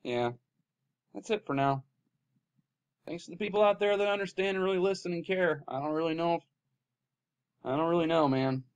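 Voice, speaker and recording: A man with a slightly high voice delivers an impassioned rant straight to his own camera. He swings from loud, heated outbursts down to low, weary muttering, profanity and all. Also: normal speed, long pauses, clean tone. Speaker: vlogger.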